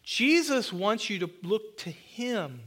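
High-voiced man preaching a sermon. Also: very animated, fairly bright tone. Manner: self-deprecating, earnest preaching with slowed emphatic phrases. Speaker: pastor. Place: church sanctuary.

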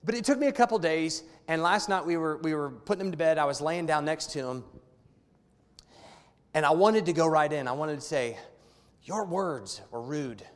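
A man's voice: a little high, fairly quick, clear, resonant tone. A man in his thirties preaching a sermon as a pastor, conversational and weaving in personal family stories. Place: church hall. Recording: long hall reverb.

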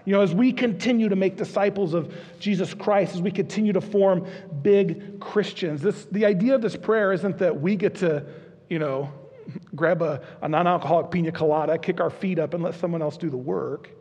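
A man's voice: sits high, moderate pace, darkish tone. A man preaching a sermon as a pastor, telling stories in an earnest, conversational way with frequent restarts. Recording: dull lo-fi recording in a reverberant hall.

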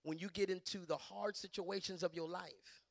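A middle-aged man preaching a sermon as a bishop, impassioned, surging to loud emphatic peaks, with stammering restarts and repeated words. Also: sits high, steady tone, moderate pace, vocal fry, no echo.

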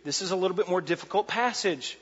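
Man preaching, high voice, husky, muffled, long church reverb. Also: quick pace. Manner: animated preaching, repeats phrases for emphasis. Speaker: pastor. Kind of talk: sermon. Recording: muffled sound in a large reverberant hall.

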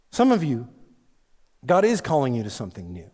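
A male pastor delivers a sermon with a lively, rising and falling pitch and a slightly higher voice than most men. He swings from loud, emphatic lines to hushed ones. The sound carries the long reverb of a big church hall. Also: normal speed, long pauses.

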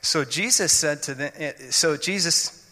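A man preaching with a bright, cutting voice, working through scripture with earnest explanations and frequent restarts. His words ring out in a long, hanging reverb. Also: a little high, unhurried. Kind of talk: sermon.

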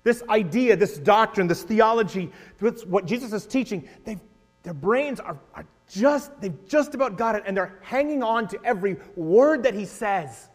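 A man preaching a sermon as a pastor, animated, swinging between loud emphasis and hushed asides. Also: high-pitched, moderate pace. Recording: long echo of a large hall, faint mains hum.

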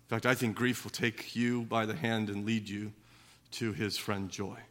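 A man preaching a sermon as pastor, moving from quiet, low reflection to loud, emphatic passages, with frequent repeated words and conversational asides. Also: flat delivery, normal speed.

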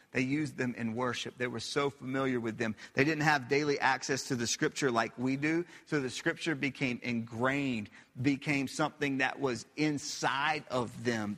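A man's voice: mid-range voice, a bit bright, long reverb tail. A man preaching a sermon as pastor, emphatic and repetitive, putting questions to his listeners. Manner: emphatic, repeats phrases, asks the audience questions.

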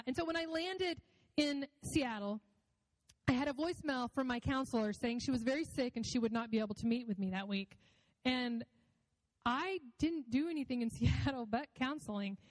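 Woman, personal faith testimony, reflective and emotional, close dry voice, lingering reverb. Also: high-pitched.

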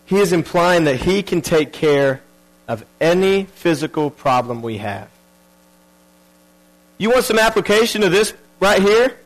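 A man's voice: sits high, expressive, a little slow, poor audio. A man preaching a sermon earnestly, repeating key phrases and restarting his sentences.

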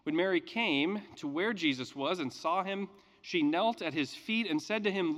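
Earnest preacher with a higher voice. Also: male voice, moderate pace, a bit bright, in a large hall. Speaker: pastor. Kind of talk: scripture reading and sermon.

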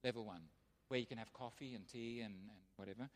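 A man's voice: fairly low pitch, fast. Preaching man in a reverberant hall. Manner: animated storyteller acting out quoted voices. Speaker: missionary pastor. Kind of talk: sermon testimony.

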